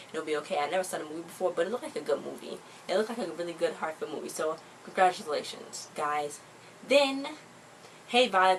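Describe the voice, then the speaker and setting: Low-voiced woman, rambling casual chat, slightly distant mic, faint hiss. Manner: chatty, rambling, quotes people in a relaxed conversational way. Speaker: vlogger reviewing an awards show.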